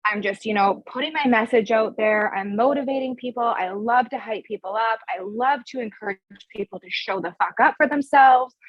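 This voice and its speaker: Husky, emphatic woman coach swearing freely. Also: on the high side, normal speed, hardly any pauses, no echo, highs cut off. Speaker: podcast guest, coach. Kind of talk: casual podcast conversation.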